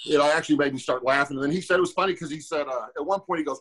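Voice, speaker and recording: A quick-talking man in his forties with a husky, bright-edged voice. He tells a story on a podcast like a former fighter would, cursing freely and acting out each person's lines. His voice sits a bit high for a man. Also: low-quality recording. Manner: animated, acts out quoted dialogue; profane, rambling with fillers.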